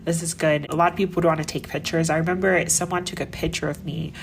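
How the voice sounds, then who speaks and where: Lively Jamaican-born woman telling stories. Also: deep voice, fast talker, a little hiss or hum. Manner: animated, laughing, acts out quoted voices. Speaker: podcast guest. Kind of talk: casual storytelling.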